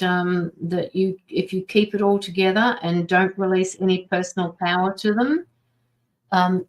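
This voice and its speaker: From her home studio, a woman who works as a tarot reader and medium chats casually on a livestream, sounding sympathetic and greeting viewers by name. Her voice sits in the mid range, and the recording is rough.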